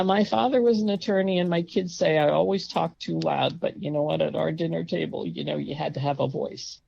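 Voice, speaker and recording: An older woman recounts a personal story at an unhurried pace in a low, gravelly voice. She is emphatic and indignant and now and then raises her voice sharply. The recording is dry and a bit muffled. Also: dark tone, dry recording. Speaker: guest telling a personal story. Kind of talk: casual storytelling.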